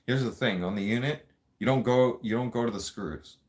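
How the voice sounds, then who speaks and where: A man's voice: medium pitch, normal speed, darkish tone. A man hosting a podcast, telling stories casually in a blunt, profane way and laughing often. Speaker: podcast host. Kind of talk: casual storytelling.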